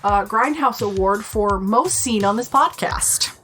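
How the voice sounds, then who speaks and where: A woman's voice: mid-range voice, fairly bright tone, faint music behind. A woman in her thirties from Rhode Island with a Rhode Island accent, co-hosting a casual podcast chat, blunt and fond of swearing. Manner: blunt, swears, quick asides. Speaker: podcast co-host.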